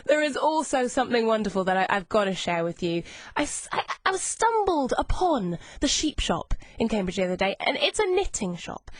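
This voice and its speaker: A woman's voice: on the high side, sing-song, a little fast, no echo. A young woman presenting a lunchtime radio chat show from a studio, bubbly and chatty as she reads out listener messages. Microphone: studio microphone.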